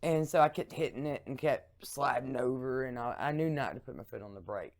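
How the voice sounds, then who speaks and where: A woman co-hosting a podcast, telling stories in a lively, chatty way. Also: extremely low pitch, fairly quick. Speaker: podcast co-host. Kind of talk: casual storytelling chat.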